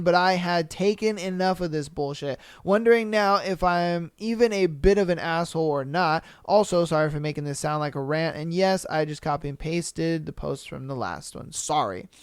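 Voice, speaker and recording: A young man hosting a podcast, casually reading out listener posts and reacting with profane, animated commentary and laughter. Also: high voice, smooth, dry recording, clean studio sound. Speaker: podcast host.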